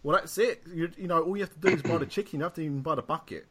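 A man's voice: fairly high pitch, rapid-fire, crowd noise. A man hosting a podcast in casual chat, rambling through stories and laughing often. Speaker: podcast host.

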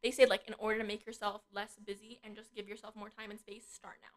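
A woman's voice: mid-range voice, little pitch movement, fast talker. A teenage girl chatting casually about college prep, with a lot of "like" filler, at a desk mic. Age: teens. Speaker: co-host. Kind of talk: casual advice chat. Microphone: desk microphone.

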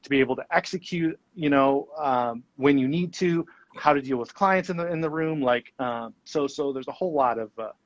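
A man's voice: mid-range voice, dry recording. Guy talking as a guest, lots of ums, dead dry room, kinda dull lo-fi mic. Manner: thoughtful, halting, many ums and restarts. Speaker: guest colorist. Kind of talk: casual interview chat.

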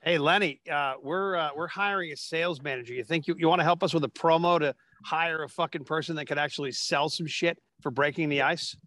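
A man's voice: on the high side, fairly even intonation, a little fast, hardly any pauses, bright, forceful tone. A man hosting a podcast, talking casually with brash profanity. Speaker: podcast host. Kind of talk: casual chat.

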